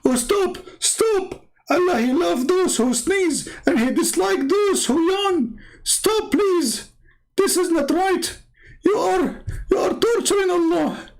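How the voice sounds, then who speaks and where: Frantic whiny pleader, put on by a man: shrill, near crying, mocking. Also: animated, takes it slowly, creaky, full character voice. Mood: frantic pleading. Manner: high crying plea.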